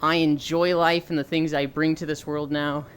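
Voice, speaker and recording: A woman's voice: low-pitched, moderate pace, slight background noise. A woman streamer chatting casually about a role-playing game, teasing and swearing. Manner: animated, swears and teases. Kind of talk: casual gaming chat.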